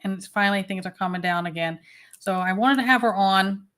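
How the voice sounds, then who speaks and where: A woman's voice: mid-range voice, a little fast, fairly bright tone. A woman hosting a casual livestream, chatting and greeting viewers one by one by name. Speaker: livestream host.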